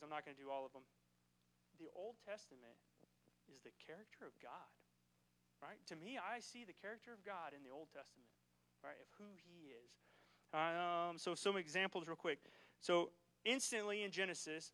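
His fairly high, pushed and bright voice comes through a low-quality recording. He delivers a relaxed sermon in church, often turning to the congregation with a casual "right?"

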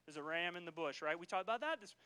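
A man's voice: on the high side, animated, rapid-fire, bright, forceful tone, clean tone, poor audio. A man preaching a casual, conversational sermon in a church, often checking in with the congregation. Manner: casual, keeps asking "right?" to the congregation.

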